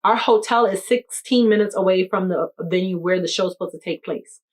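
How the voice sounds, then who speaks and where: A woman's voice: mid-range voice, fairly quick. Chatty young woman telling a story. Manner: animated, addresses the viewer directly with "you hear me?" and "okay, okay". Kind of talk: casual storytime chat.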